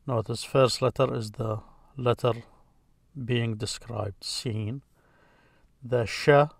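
Slow patient male teacher. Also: medium pitch, fairly even intonation, creaky, no echo, studio quality. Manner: patient, repeats each sound, pauses often. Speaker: Arabic teacher. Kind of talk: slow letter-by-letter lesson.

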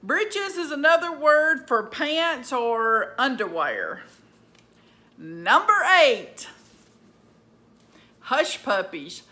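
Slow bright-voiced Southern woman. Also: sits high, very animated. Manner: slow, drawling, plainspoken. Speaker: vlogger. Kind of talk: casual list explainer.

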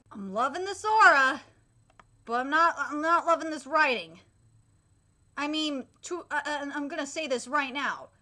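Super high voiced gal reacting live, swears a lot, bright sharp tone. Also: female voice. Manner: excitable, gushing and ranting, swears freely. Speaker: anime reaction video host.

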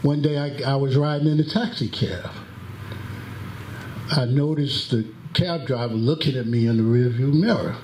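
A man introducing a lecture in a mosque hall, telling stories in a deliberate, drawn-out way and acting out the quotes. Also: medium pitch, darkish tone. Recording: echoey hall with faint background noise.

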